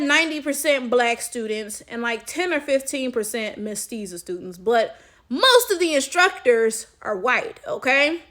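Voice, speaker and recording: High-voiced woman telling a story animatedly. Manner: animated, emphatic, swears freely, keeps asking "right?". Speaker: chess coach and vlogger. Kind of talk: casual storytelling to the camera.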